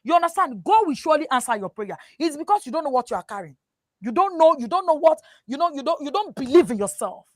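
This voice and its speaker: A woman with a Nigerian accent on a talk show, giving animated, preachy advice, switching into Yoruba and often asking "you understand?". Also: sits high, fast talker, dry recording, studio quality. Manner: mixes English with Yoruba. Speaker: guest. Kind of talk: casual talk show chat.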